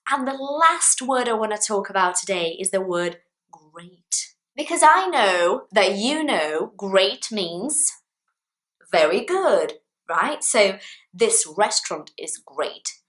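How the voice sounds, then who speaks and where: A woman teaching English vocabulary to camera in a clear, deliberate way, with playful example sentences. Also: mid-range voice, animated, fairly bright tone.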